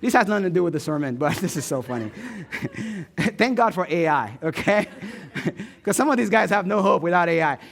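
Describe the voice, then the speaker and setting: A male pastor with an American Midwest accent, preaching a sermon in a joking, animated storytelling way and asking the room for replies. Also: high-pitched, moderate pace, creaky, pauses often. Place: church stage.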